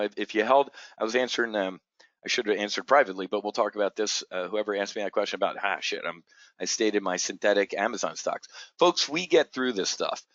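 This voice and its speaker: Male trading-show host with a low voice for a blunt, cursing unscripted rant that restarts often. Dull, muffled recording. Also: fairly bright tone, no echo. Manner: blunt and profane, with frequent stammered restarts. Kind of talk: unscripted market commentary rant. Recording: dull, dry lo-fi audio.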